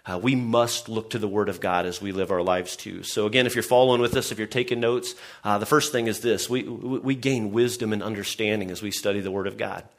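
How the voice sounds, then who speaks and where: A man's voice: on the low side, steady tone, a little fast, few pauses. A man preaching a sermon to his congregation in an earnest way, often restarting and saying "I mean". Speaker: pastor.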